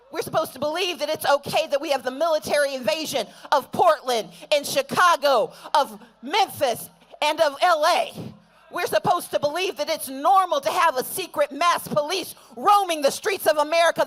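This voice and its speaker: High-pitched woman orator at an outdoor rally; rousing, chant-leading delivery. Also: a bit bright. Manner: rousing, call-and-response chanting. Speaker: rally speaker. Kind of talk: rally speech.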